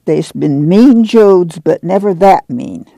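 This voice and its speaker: Woman voicing a strong-willed farm mother, slow rural drawl, gravelly dark tone, dry. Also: fairly low pitch, expressive, no echo, exaggerated voice. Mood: firm.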